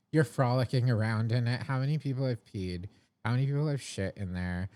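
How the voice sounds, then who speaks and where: A man's voice: medium pitch, normal speed, darkish tone. A young man co-hosting a casual podcast, swearing freely and laughing often. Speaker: podcast co-host.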